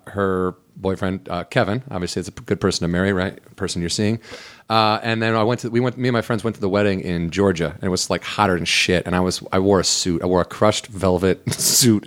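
A man co-hosting a podcast, telling a story in casual chat, swearing freely and acting out the quotes. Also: low voice. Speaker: podcast co-host.

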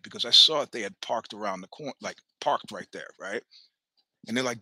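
A man's voice: medium pitch, a little fast, pushed and bright, husky, no echo. A man in his sixties hosting a show, telling a long personal story in a rambling, chatty way, full of restarts, stammers and swearing. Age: 60s. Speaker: podcast host.

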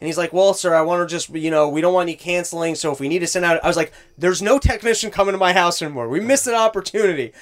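Man, high voice, exasperated profane storyteller in casual talk, plays both parties of a call. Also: fast talker, hardly any pauses, fairly bright tone. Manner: profane, exasperated ranting, acts out both sides of calls. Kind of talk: casual chat.

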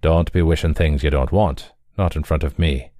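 A man voicing a weary, gruff male hound spirit in a read-aloud story. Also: a bass voice, moderate pace, mellow, no echo, clean studio sound.

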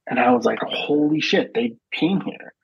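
A man in his thirties, a podcast co-host, telling a story in casual chat, profane and animated, acting out the dialogue. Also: medium pitch, moderate pace, gravelly, slightly rough, no room sound, dull audio.

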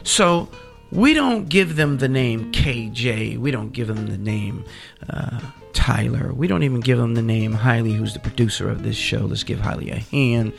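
A man's voice: medium pitch, moderate pace, gravelly, soft background music. A middle-aged man hosting a radio show, telling playful stories and speaking directly to his listeners. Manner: chatty, anecdotal, playful, addresses listeners directly. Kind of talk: casual radio talk with storytelling.

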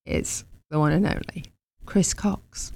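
A woman's voice: lowish voice, takes it slowly, gravelly, a little mellow. A woman with an English accent hosting a casual talk show, chatty and laughing often. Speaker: host.

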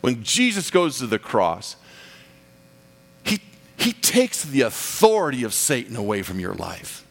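A man preaching a sermon as pastor, animated and acting out the voices he quotes. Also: medium pitch, a little slow, vocal fry, long reverb tail.

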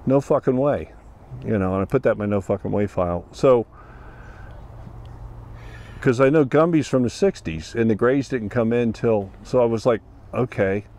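At a normal speed, a man from Ohio relates a festival experience in a fairly low, darkish voice. He's earnest and plain-spoken, acting out the exchanges as he goes.

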